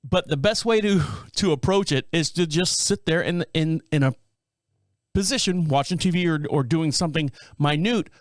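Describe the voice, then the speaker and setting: A middle-aged man hosts his podcast in a casual, rambling monologue. He circles back, restarts his sentences and leans on fillers. His voice sits a little high and sounds dry and close on the microphone. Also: normal speed, no echo. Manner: rambling, full of fillers and restarts, self-described scatterbrained. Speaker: podcast host.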